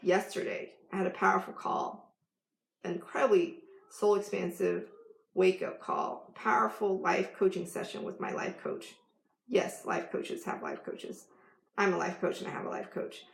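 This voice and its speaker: A woman's voice: medium pitch, steady tone, normal speed, gravelly. A woman life coach giving an emphatic motivational vlog talk, laughing often. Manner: bursts into loud yelled affirmations. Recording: echoey room.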